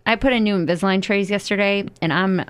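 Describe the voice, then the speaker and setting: A woman's voice: mid-range voice, clean tone. A woman co-hosting a live radio show, chatting casually and teasing her co-host, with a slight lisp from new dental aligners. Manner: chatty, teasing, quick to laugh. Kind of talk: casual studio chat. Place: radio station studio.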